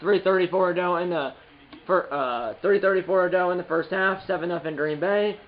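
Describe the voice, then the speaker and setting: A man giving rambling play-by-play commentary on his own video game, correcting himself often and bursting into excited calls. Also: sits high, fairly quick, muffled recording. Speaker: gaming channel host. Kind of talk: play-by-play commentary while playing.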